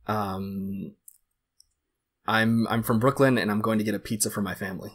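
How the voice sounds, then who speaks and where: Low-voiced young man, easygoing guest. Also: fairly even intonation, normal speed, slightly rough. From United States. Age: 20s. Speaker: guest filmmaker. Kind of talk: casual interview chat.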